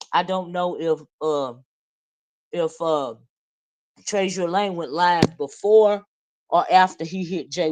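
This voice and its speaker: A woman's voice: lowish voice, darkish tone, rough recording. Woman, livestream commentary, chatty, conversational. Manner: chatty, keeps asking "right?" and calls viewers honey.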